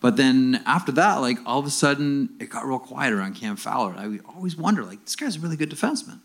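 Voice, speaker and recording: A man's voice: mid-range voice, lively intonation, fast talker, fairly bright tone. A man co-hosting a live hockey podcast, asking casual, probing questions. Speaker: podcast co-host.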